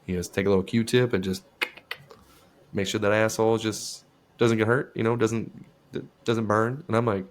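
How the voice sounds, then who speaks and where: A man's voice: on the low side, moderate pace. A young man co-hosting a podcast, telling a story in casual chat and acting out the voices in it with lots of swearing. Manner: animated storyteller, acts out friends' lines with profanity. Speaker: podcast co-host.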